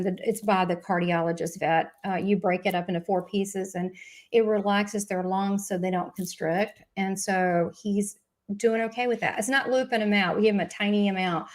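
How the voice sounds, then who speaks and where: Chatty Southern-accented woman hosting live. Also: mid-range voice. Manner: chatty, gushing, rambling with many asides. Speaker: host of a live spiritual show. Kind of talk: casual live-stream chat.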